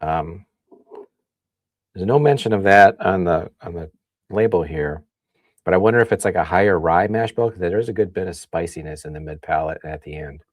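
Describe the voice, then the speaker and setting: A man from the Midwest hosting a casual livestream, chatting and thinking out loud as he reads comments. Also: low voice, moderate pace, dry recording, studio quality. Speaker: livestream host. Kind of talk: casual tasting livestream chat.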